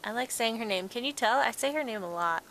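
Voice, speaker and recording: Chatty woman with a gravelly voice. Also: on the high side, lively intonation, fast talker, a bit bright, slight background noise. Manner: chatty, rambling, talks to her game characters. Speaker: gaming channel host. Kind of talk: casual let's play commentary.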